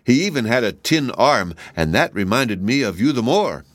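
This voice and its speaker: A man's voice: mid-range voice, very animated, normal speed, no echo, voice pushed up. A man voicing a pretty young Munchkin woman who speaks in a cool, polite manner.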